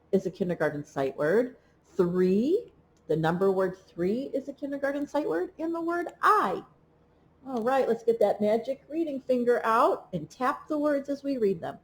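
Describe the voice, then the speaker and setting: A woman teaching a remote preschool lesson, reading, counting and chanting rhymes in a slow, encouraging way. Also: on the high side, a little mellow. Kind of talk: remote read-along lesson for young children.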